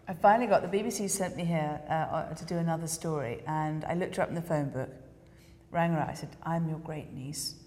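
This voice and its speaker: An English woman with a slightly low voice tells a story in a casual interview, animated and full of little acted-out quotes. Her words trail off into a long, hall-like reverb. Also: quick pace, a little hiss or hum. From England. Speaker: documentary filmmaker guest.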